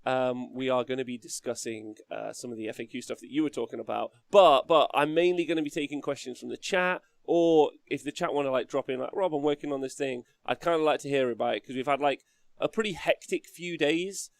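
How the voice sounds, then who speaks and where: Male podcast host, gravelly and dry, relaxed banter. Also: mid-range voice, fairly quick, no room sound. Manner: chatty, laughs often, reads chat aloud. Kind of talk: casual livestream chat.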